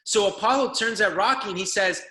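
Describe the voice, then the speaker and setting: A man's high voice, pushed and bright, comes a little fast through reverberant acoustics as he gives a fired-up motivational speech to a group call. As a business trainer, he exhorts his listeners and hammers repeated phrases.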